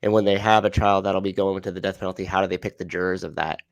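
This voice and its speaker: A man's voice: sits low, flat delivery, fast, gravelly, dry recording. A man co-hosting a podcast who talks in a casual, laid-back way and uses a lot of filler words. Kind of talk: casual conversation.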